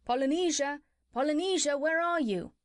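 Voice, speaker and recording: A woman voicing a kindly male animal doctor in a storybook reading, who calls out high when he is alarmed. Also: lively intonation, a little slow, a little mellow, dry recording, studio quality. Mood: alarmed calling.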